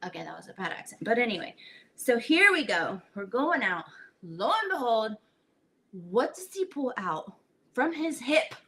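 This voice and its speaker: A woman's voice: on the high side, big pitch swings, a little slow, fairly bright tone. A woman hosting a home cooking show, chatting animatedly as she tells a story in her kitchen.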